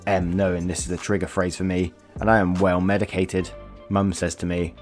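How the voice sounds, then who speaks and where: A man's voice: low-pitched, fairly even intonation, a little fast, faint music behind. A man hosting a channel, reading viewer stories aloud in a casual, chatty way, laughing often and swearing freely. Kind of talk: casual read-aloud storytelling with commentary.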